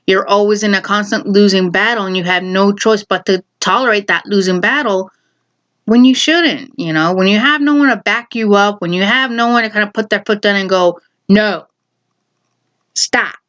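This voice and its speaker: A woman's voice: medium pitch, fairly quick, a bit bright, dull audio. A woman vlogger telling a personal story in casual talk, heated and exasperated, swearing freely.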